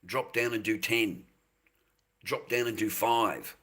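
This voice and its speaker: Older man, husky voice, rambling livestream chat, repeats himself. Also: on the low side, steady tone, takes it slowly, sharp tone. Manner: rambling, repeats himself, calls viewers mate and boys.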